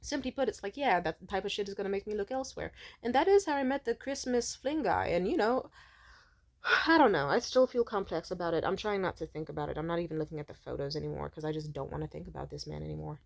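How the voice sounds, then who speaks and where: A woman's voice: on the low side, fast, gravelly. A young woman venting in a casual storytime vlog, frank and profane, rambling with lots of fillers. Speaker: vlogger.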